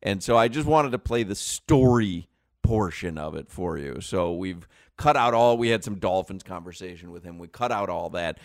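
Lively, animated male sports radio host. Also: low voice, moderate pace, no echo, studio quality. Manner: animated, rambling storyteller who laughs often. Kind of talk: sports talk radio chat. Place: radio studio.

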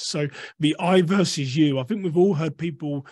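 A man with a fairly high voice speaks as a guest author in a dry, close recording. He explains his points in a measured way and slips into short acted-out examples of what people say. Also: darkish tone, no room sound. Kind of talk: conversational interview explanation.

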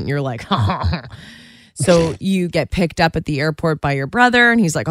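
A woman's voice: lowish voice, expressive, normal speed, dry recording, studio quality. A woman co-hosting a radio show, chatting casually and giggling as she tells stories and reads entertainment news.

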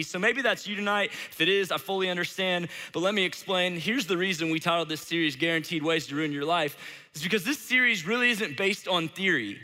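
A man's voice: high-pitched, brisk, bright, forceful tone. A man in his thirties from Saint Louis, preaching a sermon in a chatty, casual way with lots of "like". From Saint Louis, Missouri. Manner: casual, chatty, heavy use of "like". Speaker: pastor. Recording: long hall reverb.

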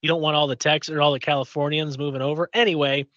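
A man's voice: fairly high pitch, level tone, fast, fairly bright tone, no echo, highs cut off. A man from Indiana co-hosting a podcast, chatting casually and telling a long story with many fillers and restarts. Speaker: podcast co-host. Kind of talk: casual chat.

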